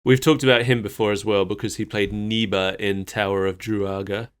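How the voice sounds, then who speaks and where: A man's voice: on the low side, fairly even intonation, normal speed, smooth. A man co-hosting a podcast, recapping a cartoon episode in casual chat and laughing often. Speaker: podcast co-host.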